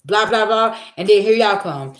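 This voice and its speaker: Speaking at normal speed with a medium-pitched, animated voice, a spiritual reader addresses her viewers in a casual monologue. She's blunt and swears, repeating herself for emphasis, and the recording has an echoey room sound.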